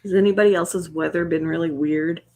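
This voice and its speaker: A young woman with a slightly low voice chats in an easy, rambling way. She is soft-spoken and laughs often as she goes. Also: fairly even intonation, a little fast. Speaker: ASMR channel host. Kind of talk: casual chat on a livestream.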